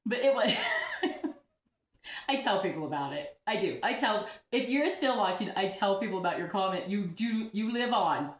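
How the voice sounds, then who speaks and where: A woman's voice: mid-range voice, lively intonation, normal speed. A chatty woman talks about her orchids at home and keeps breaking into giggles as she pokes fun at herself. Her voice sits in the middle of the range, and the room around her has a noticeable echo. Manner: chatty, giggly, self-deprecating. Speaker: orchid vlogger. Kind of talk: casual vlog chat.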